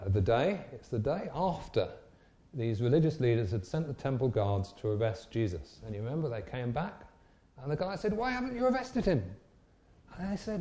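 Male preacher, mellow and warm in tone, animated and emphatic. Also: a little high. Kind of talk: sermon.

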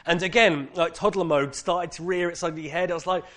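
A man with a British accent sharing a personal testimony with an audience, candid and animated, with many casual fillers. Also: a little high, fairly quick.

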